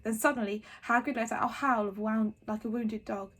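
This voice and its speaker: A woman reading a children's novel aloud in a soft, hushed narrating voice. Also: on the high side, fairly even intonation, brisk. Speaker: reader.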